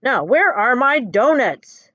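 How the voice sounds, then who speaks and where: A woman's voice: medium pitch, animated, normal speed, fairly bright tone, no room sound, dull audio, close to an everyday voice. A woman voicing a short-tempered, greedy emperor who barks harsh demands in a storybook reading.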